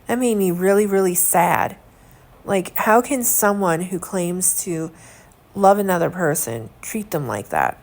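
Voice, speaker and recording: A woman's voice: lowish voice, lively intonation, a little slow. A young woman vlogging at home in casual chat, earnest and indignant, rambling with lots of fillers as she talks.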